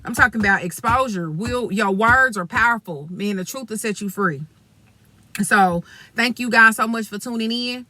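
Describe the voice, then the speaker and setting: A young adult woman vlogger vents in an angry storytime video, her fairly high voice sharp in tone and moving at a moderate pace. She's blunt, profane and heated, speaking directly to her viewers as "y'all."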